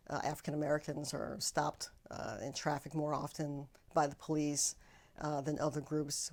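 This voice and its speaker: A woman answering interview questions as an expert, speaking carefully and deliberately, pausing to rephrase. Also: low-pitched, darkish tone. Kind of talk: measured academic explanation.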